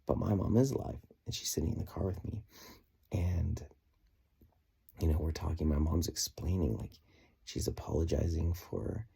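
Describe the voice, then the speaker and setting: A man's voice: a bass voice, steady tone, moderate pace, creaky, dark tone, breathy edge. A man recording a personal video diary, telling an earnest, reflective story with plenty of fillers. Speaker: vlogger.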